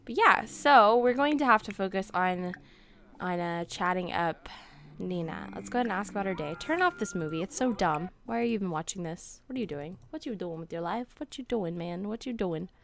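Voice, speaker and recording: A woman's voice: medium pitch, expressive, brisk, vocal fry, fairly bright tone, slight background noise. A woman giving casual, joking gameplay commentary, sarcastic and giggly, with the odd swear. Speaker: let's play host.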